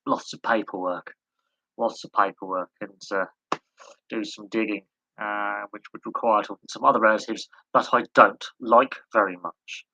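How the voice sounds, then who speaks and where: Hosting a casual live Q&A stream, a man answers chat while rambling through tangents, mocking himself and chuckling at his own jokes. His lowish voice has a sharp tone, and the recording is dry and rough.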